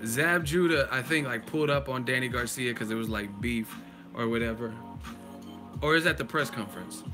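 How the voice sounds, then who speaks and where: A man hosting a live-stream boxing chat, talking casually and excitedly, laughing often and swearing freely. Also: mid-range voice, moderate pace, over music. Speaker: boxing channel host.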